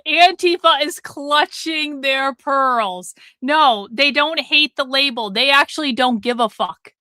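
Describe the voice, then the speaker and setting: A woman host with a high, bright and sharp voice, talking in a sarcastic, profane and mocking way as she reacts on a livestream. The sound is dry and close, with no room around it. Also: slow pace, no room sound. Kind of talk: casual livestream commentary.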